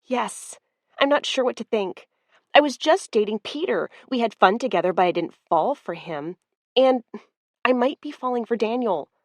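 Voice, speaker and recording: A blunt, proud young woman caught off guard, her voice pitched high and loud as she rushes out exclaiming questions, as a woman narrator puts her on. She stays agitated, in a dry close recording of an audiobook. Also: dry recording, natural voice. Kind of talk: audiobook character voice.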